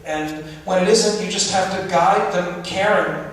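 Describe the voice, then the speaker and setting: A man's voice: high-pitched, a little slow. Chatty man in an echoey hall. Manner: chatty, laughing asides, restarts. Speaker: film director answering audience questions. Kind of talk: festival Q&A, casual answers. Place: large hall with audience. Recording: echoey hall from far off, audience noise.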